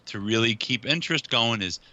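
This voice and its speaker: Bright-voiced blunt man on a podcast. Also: medium pitch, lively intonation, brisk, dull audio. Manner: blunt, swears casually. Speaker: podcast co-host. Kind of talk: casual chat.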